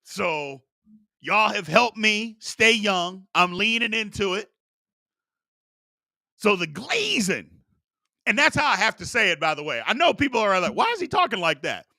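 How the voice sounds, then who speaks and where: Animated, bright-voiced man in his forties. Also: high-pitched, unhurried, creaky, pauses often, no echo, clean studio sound. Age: 40s. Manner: animated, chatty, reads viewer questions aloud. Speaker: sports talk show host. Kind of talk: live-streamed sports talk.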